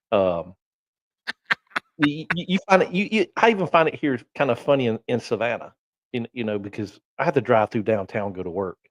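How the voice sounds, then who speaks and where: A man's voice: on the low side, dry recording. A man guest on a podcast with a Southern US accent, chatting casually in a laid-back way and telling anecdotes. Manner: laid-back, short agreeing replies, anecdotes.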